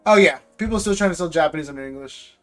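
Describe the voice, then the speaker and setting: A man's voice: a little high, quick pace, fairly bright tone, soft background music. Rambling man on a livestream. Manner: rambling, repeats words, ranting. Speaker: live stream host opening card packs. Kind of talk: casual livestream chat.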